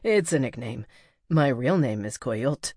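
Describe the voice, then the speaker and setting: A woman's voice: extremely low pitch, lively intonation, a little slow, darkish tone, slightly rough, no room sound, clean studio sound, heavily acted. A woman voicing a cheerful young male coyote spirit in human form, who talks in an easygoing, amiable way.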